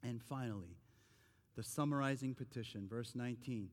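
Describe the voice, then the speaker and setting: Man, 40s, pastor, sermon, earnest conversational preaching, mid pitch, long hall reverb. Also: animated, a little slow, long pauses.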